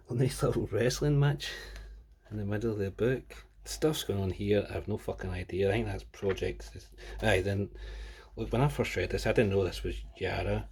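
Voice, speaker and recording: A man's voice: on the low side, normal speed, pauses often, a little mellow, a little hiss or hum. A Scottish man giving a casual, rambling comic book review, full of swearing and rants. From Scotland. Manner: profane, ranting, sweary.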